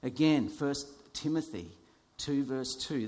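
Preacher, male, slow and animated, theatrical swings between loud and hushed, long hall reverb. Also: mid-range voice. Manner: dramatic, swinging from loud to whispered; light self-deprecating humor. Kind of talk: sermon. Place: church.

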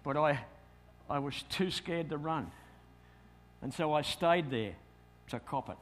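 A middle-aged Australian man, a pastor telling a lively story in a sermon and acting out his own thoughts. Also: a little high, a little slow.

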